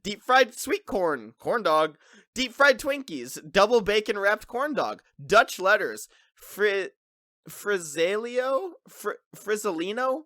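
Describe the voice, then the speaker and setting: Bright, expressive man on a podcast. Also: high voice, slow pace, no echo, studio quality. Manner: reading a list aloud, laughing. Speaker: podcast host. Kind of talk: casual chat.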